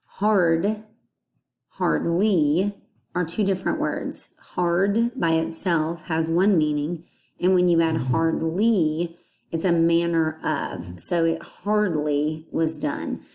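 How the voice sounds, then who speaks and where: A woman's voice: sits low, takes it slowly, vocal fry, darkish tone. A woman teaching a phonics lesson, patiently breaking words into their parts and explaining what they mean.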